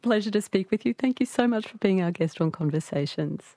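A woman hosting a radio interview, asking measured questions. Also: mid-range voice, expressive, mellow, no echo, studio quality.

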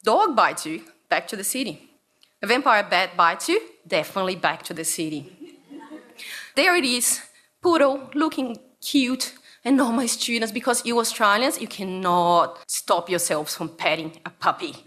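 A woman from Brazil giving an animated, playful storytelling talk to an audience about her research. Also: medium pitch, moderate pace. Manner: animated, playful, acts out voices. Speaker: researcher and speaker.

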